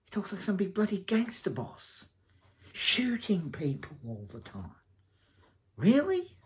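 Slow, rambling man. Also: sits high, very animated. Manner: rambling, hesitant, blunt and scornful. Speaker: TV series reviewer. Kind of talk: casual spoken review.

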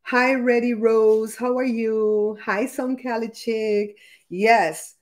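A woman's voice: fairly high pitch, steady tone, takes it slowly. A chatty woman hosts a live cooking stream from her home kitchen, talking into a laptop microphone. She keeps an upbeat, friendly flow, greeting viewers by name as she goes. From Belize. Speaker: cooking show host.

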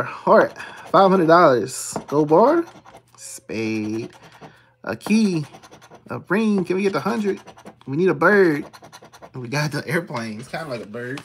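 A streamer, calling out scratch-off symbols one by one and muttering quietly while checking them. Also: mid-range voice, a little hiss or hum. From Texas. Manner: reads symbols aloud in a steady list, dropping to hushed mutters when checking. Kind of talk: casual play-by-play of scratching tickets.

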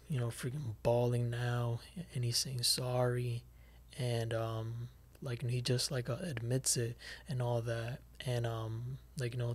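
Young man from New York, podcast co-host, casual slangy chat, swears, acts out lines. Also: medium pitch. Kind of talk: casual chat, retelling a movie plot.

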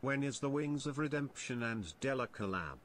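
Robotic tts guy reading donos, flat and mechanical, noisy stream audio behind. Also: medium pitch, normal speed. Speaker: text-to-speech donation reader. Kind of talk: synthetic read-out of viewer messages.

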